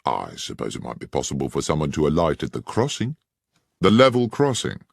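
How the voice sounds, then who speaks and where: A male narrator voicing Sherlock Holmes as a keen, incisive detective who questions in a crisp, measured way. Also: rumbling low, wildly swooping pitch, no room sound, studio quality, heavily acted. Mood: probing.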